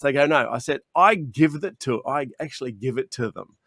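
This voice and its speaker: Speaking fairly quickly at a medium pitch, an Australian chocolatier tells stories with gusto during a video interview, acting out how chats with customers went. His animated delivery is full of restarts. The audio comes through a video call, clean and studio-like with no echo.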